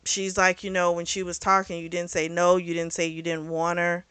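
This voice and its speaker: Woman, book reviewer, chatty, crisp bright tone, no room echo. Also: on the low side, completely flat delivery, moderate pace. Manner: chatty retelling with quoted dialogue. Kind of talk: casual book recap.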